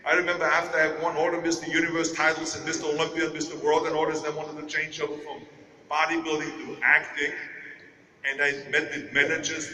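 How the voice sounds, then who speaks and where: A man's voice: fairly high pitch, sharp tone, distant mic, slight background noise. A man in his sixties with an Austrian accent giving an emphatic motivational speech in a large arena, telling stories and mimicking doubters. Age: 60s. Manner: emphatic storytelling, mimics naysayers. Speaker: keynote speaker. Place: large indoor sports arena. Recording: echoey arena, voice from afar.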